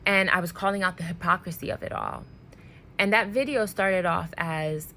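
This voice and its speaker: Emotionally worn-out woman, low voice. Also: bright, forceful tone, a little hiss or hum, poor audio. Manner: earnest, emotional, deliberate. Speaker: social media creator. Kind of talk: direct-to-camera commentary video.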